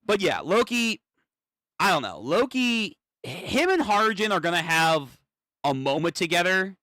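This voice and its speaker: A man streaming a live manga reaction, thinking aloud, swearing and getting excited as he reads. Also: on the high side, no room sound, clean studio sound.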